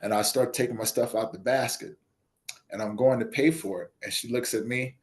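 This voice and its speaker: A man guesting on an interview show, telling a personal story in casual chat and acting out the other people's lines. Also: moderate pace. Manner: animated storyteller, acts out dialogue with voice shifts; drops soft and low when quoting others. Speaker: podcast guest, nonprofit founder.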